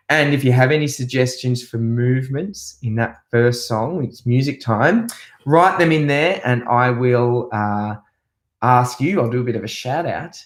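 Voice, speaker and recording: A man teaching a music class to young children, singing a farm song and breaking into animal noises in an upbeat way. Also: medium pitch. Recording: roomy echo.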